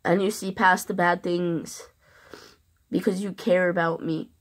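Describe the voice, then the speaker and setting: A woman records a heartfelt message to the person she loves, speaking straight to camera. Her voice sits on the low side, and she talks earnestly and haltingly, pausing often between phrases. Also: level tone. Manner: earnest, halting, with long pauses. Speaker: vlogger.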